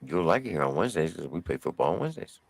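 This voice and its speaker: A man voicing a huge, calm male inmate who speaks in a very soft, quiet voice. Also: low-pitched, racing, creaky, no echo, clean studio sound, voice pushed down, full character voice. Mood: eerie calm.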